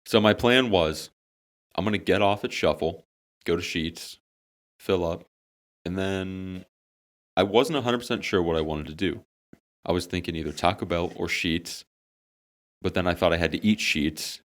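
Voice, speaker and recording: A young man, telling a funny story with plenty of swearing on a casual podcast among friends. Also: low-pitched. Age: young adult. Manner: animated, swearing, dramatic comic storytelling. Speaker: podcast co-host.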